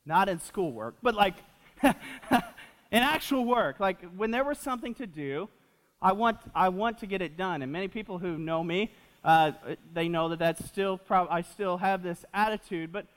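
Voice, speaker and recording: Young pastor, twenties, high-pitched voice, lively sermon with jokes and fillers, recorded in a long-echo church hall. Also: male voice, normal speed. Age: 20s. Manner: animated, repeats himself with fillers, jokes with the audience.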